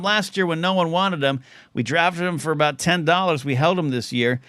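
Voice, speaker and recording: A man's voice: fairly high pitch, moderate pace, a bit bright, smooth, dry recording, clean studio sound. A man hosting a live call-in talk show, rambling casually and often restarting his sentences. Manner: rambling, self-interrupting. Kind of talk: casual livestream chat.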